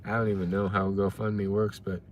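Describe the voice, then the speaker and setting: A man's voice: lowish voice, little pitch movement, brisk, a little hiss or hum. A young man chatting casually on a live stream, rambling and greeting viewers by name as he reads the chat. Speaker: livestreamer reading chat.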